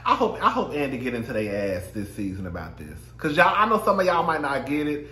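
A man's voice: medium pitch, huge pitch swings, quick pace, pushed and bright, echoey room. A man casually recapping a reality show, sassy and profane, laughing often and mimicking the cast. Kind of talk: casual chat.

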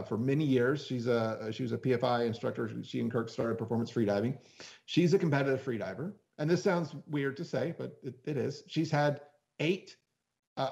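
A man with a mid-range voice, neither high nor low, talks through a safety topic on a podcast. He speaks in a loose, animated way, with restarts and little acted-out quotes in between. He comes across as an instructor explaining things to a casual listener. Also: muffled recording. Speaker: freediving instructor guest.

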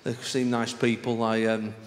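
This man from northern England delivers a chatty stand-up routine on a theatre stage in a medium-pitched, flat voice at a measured pace. He keeps things conversational, often tossing in "right?" asides. The live recording sounds roomy, with noise from the audience.

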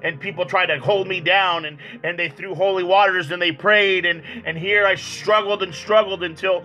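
A man evangelist giving a personal testimony, earnest and halting, often repeating words as he goes. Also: high voice, fairly even intonation, pushed and bright, soft background music, poor audio. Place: church.

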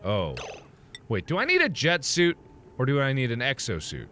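Male gameplay commentator, melodramatic and playful self-talk, bright forceful tone. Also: mid-range voice, huge pitch swings, normal speed, faint music behind. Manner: theatrical, swings from muttering to loud outbursts. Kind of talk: let's play commentary.

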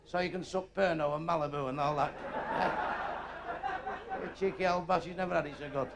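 A man's voice: fairly high pitch, fairly even intonation, vocal fry, heavy background noise. Brash Northern English stand-up man. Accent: Northern English, Manchester. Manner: crude, brash joke-telling with quick asides. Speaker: stand-up comedian. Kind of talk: stand-up comedy routine. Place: live club or theatre stage. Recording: roomy live venue with crowd. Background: audience laughter.

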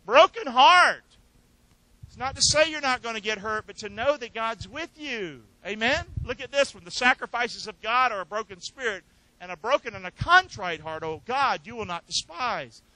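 A man's voice: extremely high pitch, lively intonation, normal speed, sharp tone, dry recording, poor audio. A man preaching a sermon as pastor, leaving verses open for the congregation to finish and joking between points. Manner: jokes and laughs between points.

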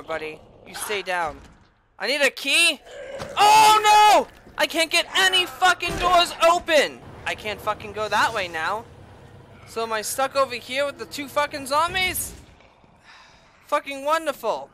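A woman giving casual gameplay commentary as a let's-play host, sarcastic and profane, with loud outbursts and taunts. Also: sits high, big pitch swings, normal speed, background noise.

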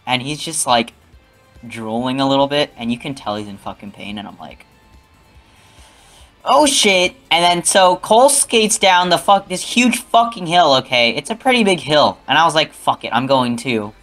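A man's voice: fairly high pitch, very animated, moderate pace, a bit bright, soft background music. A young man telling a rambling, profane story in casual talk, often adding "okay?".

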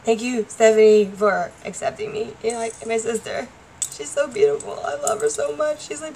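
A woman's voice: a little high, animated, normal speed, pauses often, slight background noise, poor audio. A woman vlogger talking casually to the camera, rambling and laughing often. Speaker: vlogger and stage performer.

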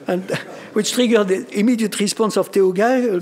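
An older man with a French accent, a native French speaker, giving a formal commemorative speech in a measured way, telling dry anecdotes with many hesitations. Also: sits high, lively intonation, darkish tone. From France. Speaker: speaker at a memorial colloquium.

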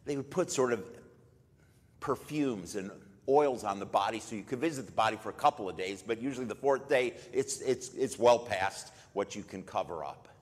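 A low-pitched man preaches a memorial sermon in a church, his voice trailing off into a long reverb. He tells the story in an easy, conversational way. He gets much louder and higher when he voices the people in the story. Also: normal speed, slightly rough. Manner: conversational storytelling with sudden loud bursts for quoted lines. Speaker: pastor.

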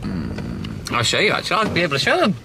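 A man with a gravelly voice that swings widely up and down, teasing and joking in easy banter. Loud road noise inside a moving car fills the background. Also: medium pitch, huge pitch swings, fast. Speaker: vlogger's companion. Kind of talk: casual chat in a car.

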